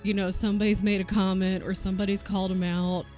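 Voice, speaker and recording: A woman's voice: mid-range voice, little pitch movement, quick pace, mellow. Woman, Southern US accent, casual stream chatter, swears a lot, laughs easily, faint music underneath. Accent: Southern US, softened. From American South. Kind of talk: casual chat while coworking.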